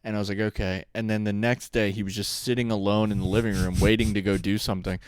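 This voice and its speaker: A man's voice: on the low side, little pitch movement, fast talker, a little hiss or hum. A young man co-hosting a podcast, telling rambling stories in casual chat and laughing often. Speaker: podcast co-host.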